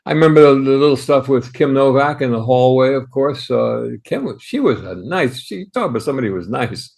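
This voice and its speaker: An old man in his eighties with a Bronx accent tells stories as a guest. He talks animatedly, stumbling over restarts as he goes. His voice sits at a middle pitch. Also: a little fast, creaky. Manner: animated, full of restarts and acted quotes. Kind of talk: anecdotal storytelling.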